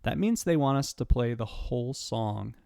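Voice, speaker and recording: A man's voice: medium pitch, expressive, moderate pace, vocal fry, dark tone, clean tone, no echo, studio quality. A man teaching a step-by-step piano lesson, patiently counting and naming notes aloud as he plays. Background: piano playing.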